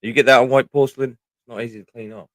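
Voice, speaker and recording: A man's voice: medium pitch, fairly even intonation, quick pace, fairly bright tone, no room sound. A middle-aged man with a British accent, chatting casually on a livestream, rambling and swearing freely. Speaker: livestream host.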